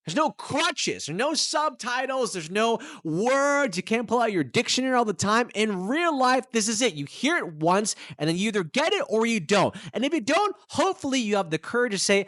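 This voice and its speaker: A man hosting his own podcast, talking straight to the listener in an animated, emphatic way. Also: high voice, normal speed, no room sound, clean studio sound. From United States. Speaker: podcast host and English teacher. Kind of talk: casual solo podcast monologue. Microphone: studio microphone.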